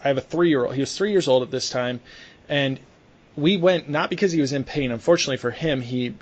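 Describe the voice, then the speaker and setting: During a casual podcast conversation, a young man who works as a sports medicine clinician tells a story, restarting often and leaning on fillers. He speaks fairly quickly at a medium pitch, and the recording's highs are cut off.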